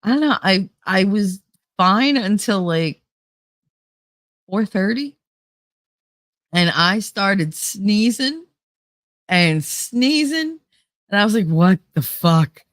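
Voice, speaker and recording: A woman's voice: medium pitch, lively intonation, slow pace, pauses often, fairly bright tone, no room sound. A woman with a New Jersey accent chatting casually on a livestream, rambling and laughing often, a little nasal from a stuffy nose. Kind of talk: casual chat.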